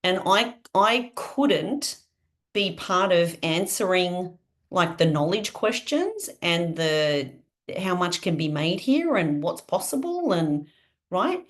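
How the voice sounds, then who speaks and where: A woman's voice: lowish voice, takes it slowly. Chatty woman coaching a sales team. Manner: lively, chatty, keeps asking listeners questions. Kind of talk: live online team training.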